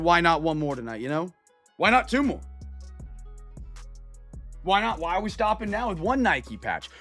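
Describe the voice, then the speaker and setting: A chatty young man hosts a live card-break stream and talks to viewers in an upbeat, friendly way. His voice sits a little high. Faint music plays behind him. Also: fairly bright tone. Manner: upbeat, chatty, greets viewers by name, drawn-out hype calls.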